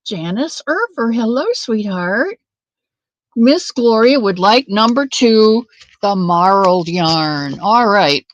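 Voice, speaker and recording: A woman's voice: medium pitch, lively intonation, slow, no room sound, lo-fi sound. A woman hosting a casual crochet livestream, chatting to viewers by name and drifting off onto side stories. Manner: chatty, addresses viewers by name, wanders off-topic. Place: home craft room.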